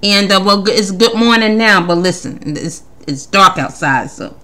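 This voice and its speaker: Playful podcast woman, bright and lively. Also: medium pitch, normal speed. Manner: playful, teasing, laughs often, rambling restarts. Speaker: podcast host. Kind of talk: casual comedic monologue.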